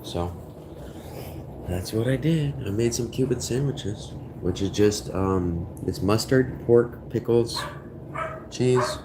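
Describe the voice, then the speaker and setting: A man's voice: medium pitch, slow pace, background noise. A middle-aged man hosting a casual livestream, rambling chattily and greeting viewers by name. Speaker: livestream host.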